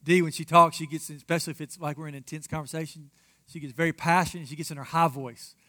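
Man, pastor, high voice, emphatic marriage sermon, direct address to congregation. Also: fairly even intonation, fast, fairly bright tone. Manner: preachy, emphatic, addresses ladies and fellas directly.

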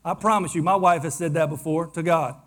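A man preaching a sermon to his congregation, swinging between loud declarations and hushed, close asides. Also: fairly high pitch, fairly quick. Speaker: pastor.

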